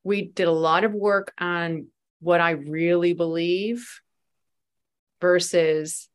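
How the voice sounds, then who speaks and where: A woman from the United States with a fairly low, smooth voice speaks at a slow pace. She's a spiritual teacher and life coach appearing as a podcast guest, sharing personal stories conversationally. An animated storyteller, she acts out the voices of the people she quotes.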